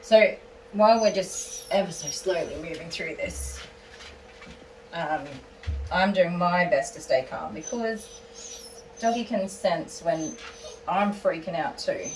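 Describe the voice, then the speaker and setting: A young woman dog groomer explaining her work in a calm, gentle voice while soothing a nervous dog. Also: lowish voice, slow, pauses often, a little hiss or hum. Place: grooming salon. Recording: distant mic, loud clipper buzz.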